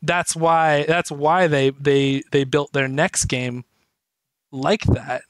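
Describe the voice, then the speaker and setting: A man chatting on a gaming podcast, telling stories with lots of energy and frequent laughter. His voice sits a little high, and the recording is close and dry, with no room sound. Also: takes it slowly, no room sound. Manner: animated storyteller, laughs often. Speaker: podcast co-host. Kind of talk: casual chat.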